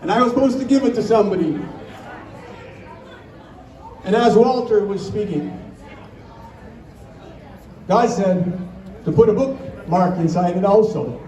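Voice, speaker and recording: A man's voice: sits high, mellow, roomy sound, far from the mic, some chatter behind. A man giving a plainspoken religious testimony at a rally, reading scripture aloud. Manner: slow, plainspoken, reads scripture. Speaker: rally speaker.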